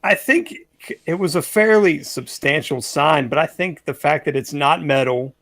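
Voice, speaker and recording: A man's voice: fairly high pitch, normal speed, creaky, fairly bright tone, no echo. A man co-hosting a casual podcast chat, telling a story in a rambling way, full of "like"s. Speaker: podcast co-host.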